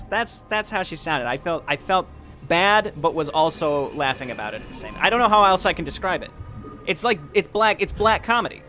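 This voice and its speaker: A young man talks casually as he plays, his voice sitting a little high. He wanders through long anecdotes, restarting sentences and poking fun at himself, while clear game music plays underneath. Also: bright, forceful tone. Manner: rambling, self-deprecating storytelling with frequent restarts. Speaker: gaming YouTuber. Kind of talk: casual let's-play commentary.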